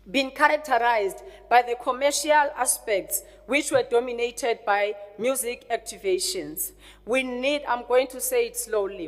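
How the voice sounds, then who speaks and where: Woman reading a budget speech, bit high voice, deliberate with some ums, big echoey chamber. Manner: deliberate reading with hesitant fillers on names. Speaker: provincial government official addressing the legislature. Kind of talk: formal budget speech read aloud. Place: legislature chamber. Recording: long reverb of a large chamber.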